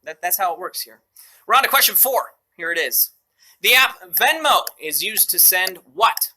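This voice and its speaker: A man's voice: high-pitched, expressive, normal speed, pushed and bright. A man hosting a live mobile trivia game show, upbeat and joking with playful asides.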